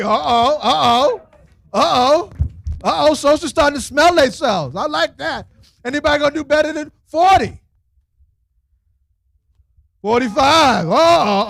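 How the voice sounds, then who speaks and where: High-voiced joking auctioneer man. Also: creaky, fairly bright tone, dry recording. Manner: playful, teasing, street slang, laughs often. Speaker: auctioneer at a fundraiser. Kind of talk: lively joking fundraiser auction. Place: event hall with audience.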